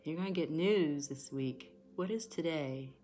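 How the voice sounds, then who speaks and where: A woman's voice: sits low, measured pace, dark tone, soft background music. A woman giving a livestream tarot reading with a pep talk. She is emphatic and encouraging, chatty, and often close to tears. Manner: emotional and emphatic, sometimes near tears; chatty and encouraging, rambling asides. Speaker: tarot card reader.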